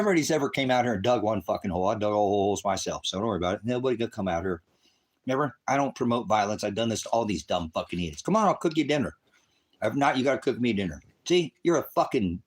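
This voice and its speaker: A man ranting angrily on a livestream, taunting and cursing at viewers in a combative, profane way, partly outdoors on his farm and speaking into a phone camera. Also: medium pitch. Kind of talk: angry livestream rant at chat.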